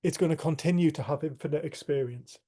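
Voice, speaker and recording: A group facilitator speaks candidly on a video call, giving a casual spiritual talk in an earthy, frank way and laughing at himself now and then. His voice is a little high and dark-toned, and he talks fast.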